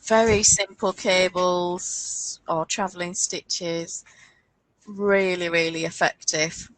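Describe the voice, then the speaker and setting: A woman's voice: lowish voice, fairly even intonation, takes it slowly, no room sound, low-quality recording. A woman co-hosting a casual chat about knitting patterns, thinking aloud and stumbling over designer names. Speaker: podcast co-host.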